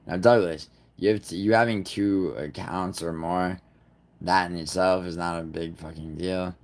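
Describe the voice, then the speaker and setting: A man hosting a livestream in a rambling, profane way, talking straight to his chat. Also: sits low. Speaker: livestream host. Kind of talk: casual livestream chat with viewers.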